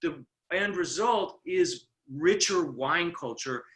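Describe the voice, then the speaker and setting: A man's voice: a little high, expressive, slow, a bit bright. A middle-aged man from California hosting a casual conversation, chatty and full of fillers. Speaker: host.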